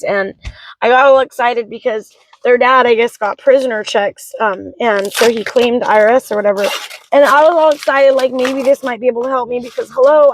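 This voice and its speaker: This young woman, a vlogging mother of three, unloads emotionally in a frank, profane rush. Her pitch is fairly high, with slight background noise on a low-quality recording.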